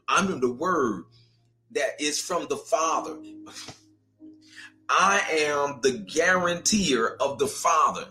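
Man, preacher, sermon, calls to congregation, bright tone, faint music behind. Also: a little high.

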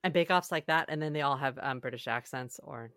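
Casting: woman, low pitch, bright forceful tone, dry close sound, chatty podcast guest. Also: fairly quick, dry recording. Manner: chatty, laughs often, playful mimicry. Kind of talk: casual chat.

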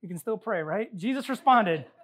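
A woman's voice: medium pitch, expressive, moderate pace. A woman pastor giving a sermon, preaching with emphatic repeated phrases and light joking asides.

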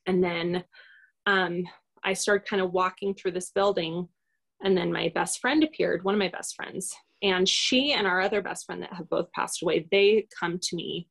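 A woman guest talks through a personal experience in a loose, unscripted way. Her voice has a gravelly, creaky texture, and she keeps pausing on fillers and restarting her sentences. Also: on the low side, fairly even intonation, fairly bright tone. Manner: rambling, hesitant, many fillers. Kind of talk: casual personal storytelling in an interview.

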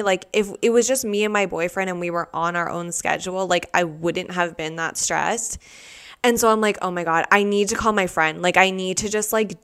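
A woman's voice: fairly low pitch, fairly bright tone, smooth. A young woman hosting a podcast, telling a personal story in a casual, rambling way, full of fillers and restarts. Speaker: podcast host.

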